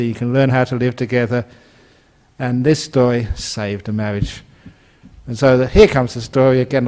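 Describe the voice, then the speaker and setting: A British man in his sixties, a Buddhist monk giving a dharma talk, an animated storyteller who acts out the voices and laughs at his own jokes. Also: medium pitch.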